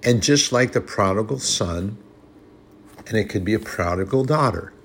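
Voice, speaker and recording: A man's voice: fairly low pitch, lively intonation, normal speed, slight background noise. A man preaching a sermon in an earnest, conversational way, often restarting his sentences.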